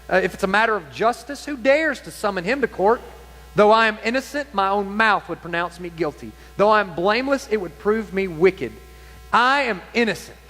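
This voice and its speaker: Impassioned preacher in an echoing hall. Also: male voice, high-pitched, bright, forceful tone. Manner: impassioned, dramatic scripture reading with slow emphatic stretches. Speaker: pastor. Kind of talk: sermon reading scripture aloud. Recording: long hall reverb with faint music and hum.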